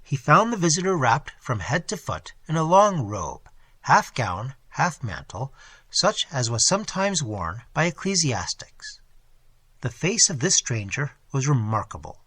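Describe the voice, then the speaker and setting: A man narrating a classic novel as an audiobook, in an expressive, dramatic reading on a close mic. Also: mid-range voice, measured pace, slightly rough, no room sound.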